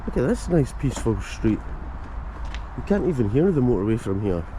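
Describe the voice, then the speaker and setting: A man's voice: mid-range voice, very animated, normal speed, noisy background. A Scottish man hosting a casual walking vlog through village streets, chatting to viewers with jokey asides. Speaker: vlogger and host. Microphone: handheld camera mic.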